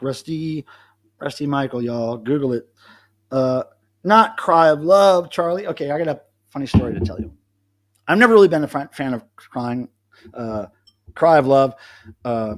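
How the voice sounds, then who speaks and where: A middle-aged man rambling and joking with viewers by name as he hosts a casual live stream from home, alone. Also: mid-range voice. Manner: rambling, self-amused, chats to commenters by name. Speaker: livestream host.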